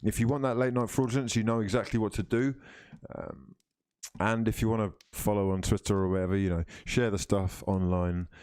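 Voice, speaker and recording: Male streamer, lowish voice, dry mic, banters casually with his viewers. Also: steady tone, fairly quick, a little mellow, clean tone, dry recording. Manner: chatty and playful, calls viewers fraudulent friends. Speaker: football livestream host. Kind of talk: casual livestream chat reading comments.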